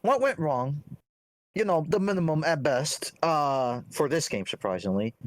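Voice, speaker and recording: A man on a casual gaming podcast, ranting in an animated way as he builds up his points. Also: fairly high pitch, unhurried. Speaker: podcast co-host.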